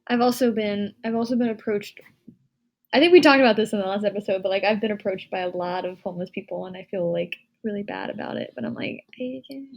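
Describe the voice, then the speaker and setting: A woman's voice: mid-range voice, fast talker, creaky, dull audio. A young woman from Michigan co-hosting a podcast, chatting casually and acting out what people said to her. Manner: chatty, animated storyteller who acts out quotes. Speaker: podcast co-host. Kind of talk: casual chat.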